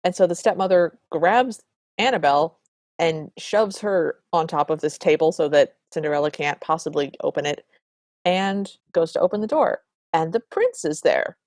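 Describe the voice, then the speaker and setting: A woman's voice: deep voice, normal speed, a little mellow, no room sound, clean studio sound. A woman co-hosting a podcast, narrating film scenes in detail in a chatty, casual way. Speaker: podcast co-host. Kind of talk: casual recap chat.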